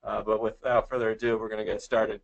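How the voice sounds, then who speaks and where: A man in law enforcement presenting a training webinar in a relaxed way, with many fillers. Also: lowish voice, fast, creaky, muffled recording.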